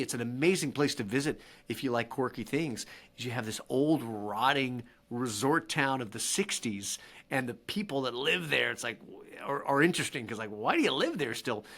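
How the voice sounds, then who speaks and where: A man talking as a podcast guest, telling stories in an animated, excitable way with quick restarts. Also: mid-range voice. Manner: animated, excitable storyteller with laughs and frequent restarts. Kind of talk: casual interview storytelling.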